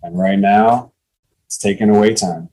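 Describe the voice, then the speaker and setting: A man's voice: fairly low pitch, fairly even intonation, measured pace, a little mellow, rough recording. A man in his late thirties, a podcast guest, telling his faith story in an earnest, plain-spoken way over a call. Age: 30s. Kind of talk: testimony in casual conversation.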